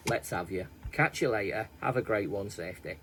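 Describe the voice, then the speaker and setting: A man's voice: lowish voice, a little fast, fairly bright tone, a little hiss or hum, rough recording. Chatty man rambling through history. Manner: rambling, self-mocking, chatty asides. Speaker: history channel host. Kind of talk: casual daily history chat.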